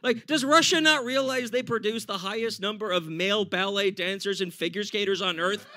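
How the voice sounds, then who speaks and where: A man with an American accent doing a standup comedy set for a live audience, animated and laughing often. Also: high-pitched, a little fast. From United States.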